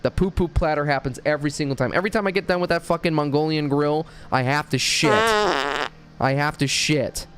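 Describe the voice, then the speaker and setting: A man's voice: a little high, fairly quick, fairly bright tone, clear, resonant tone. A man streaming a video game, chatting casually in a crude, jokey, rambling way. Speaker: gaming streamer. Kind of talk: casual livestream chat while gaming.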